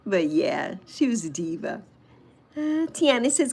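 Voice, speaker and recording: A woman's voice: a little high, big pitch swings, a little slow, darkish tone, breathy edge. A woman in her sixties hosting a casual livestream, chatting fondly and answering viewer comments as she goes. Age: 60s. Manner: fond, reminiscing. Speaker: livestream host.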